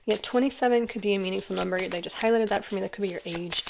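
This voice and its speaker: A woman with a slightly gravelly voice talks through a tarot reading in a loose, earnest way. She rambles, circles back and leans on fillers, and she sounds close to tears. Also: medium pitch, racing, noisy background. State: tearful at times. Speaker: tarot reader. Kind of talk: casual spoken tarot reading.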